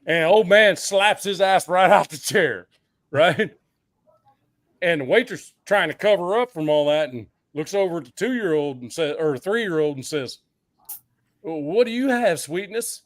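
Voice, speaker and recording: A fairly high-voiced man tells jokes on a casual livestream. He laughs at his own punchlines and stumbles over repeated words. The sound is dry and close. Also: lively intonation, unhurried, no echo. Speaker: podcast co-host telling jokes. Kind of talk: casual livestream joke-telling.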